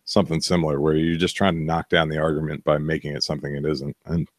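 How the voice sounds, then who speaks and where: A man co-hosting a podcast, dropping quick teasing remarks. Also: a bass voice, little pitch movement, no echo, clean studio sound. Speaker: podcast co-host. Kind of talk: casual chat.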